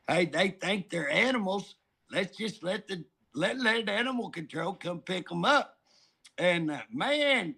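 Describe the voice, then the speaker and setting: Middle-aged Oklahoma man, high gravelly voice, folksy joker telling stories. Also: sharp tone. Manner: folksy, joking, drawling storyteller. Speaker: politician guest. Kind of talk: casual talk show chat.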